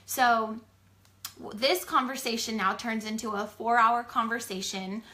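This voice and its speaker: Casting: woman, 40s, chatty live-chat storyteller, bright forward voice. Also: fairly high pitch, moderate pace. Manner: chatty, animated, heavy use of "like". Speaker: small business co-owner sharing her story.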